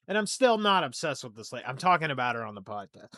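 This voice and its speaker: Talking fast in a sing-song, bright, forceful mid-range voice, a young man rambles through his solo podcast with self-deprecating humor. He drops to a mumble, then gets emphatic, and the recording is dry and studio-clean.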